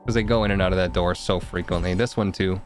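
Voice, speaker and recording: Low-voiced man joking through a game stream. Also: fairly even intonation, quick pace, soft background music. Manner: joking, muttering to himself and the game. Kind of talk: casual gameplay commentary.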